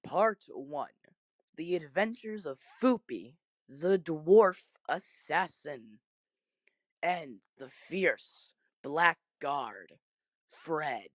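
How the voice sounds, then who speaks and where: Very slow, low-voiced woman announcing titles. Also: animated, no echo, highs cut off. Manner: drawn-out, deliberate. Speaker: show introducer. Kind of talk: slow spoken title introduction.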